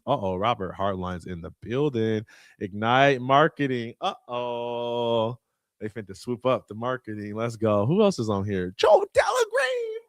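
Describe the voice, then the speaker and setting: A man in his thirties runs a live online call, cheering on names and sliding into slangy asides. His pitch swoops wildly between excited peaks and low mutters. The sound is close and dry, straight from a computer mic. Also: dry recording. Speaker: host. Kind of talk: hype-filled live community broadcast.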